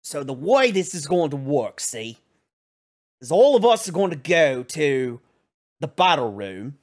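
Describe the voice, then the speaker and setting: A man voicing a crude, slow-witted male combat professor who swears constantly and talks bluntly. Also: on the high side, very animated.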